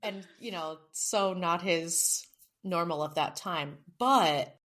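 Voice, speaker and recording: A woman's voice: lowish voice, slow, fairly bright tone. A woman co-hosting a casual book podcast, chatty and self-mocking, swearing now and then. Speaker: podcast co-host. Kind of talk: casual chat.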